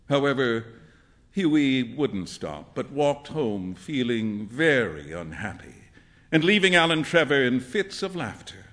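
A man narrating a classic story aloud with an expressive, lively delivery. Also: medium pitch, measured pace, big-room sound. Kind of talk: storybook reading.

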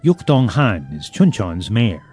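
Low, lively male radio news correspondent. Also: a little slow, faint music behind.

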